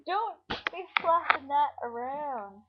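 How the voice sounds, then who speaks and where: Giggly high-voiced woman rambling to a webcam. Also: expressive, slow. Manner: giggly, scattered and profane. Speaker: vlogger. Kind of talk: rambling casual webcam chat. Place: at home indoors. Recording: dull lo-fi webcam audio.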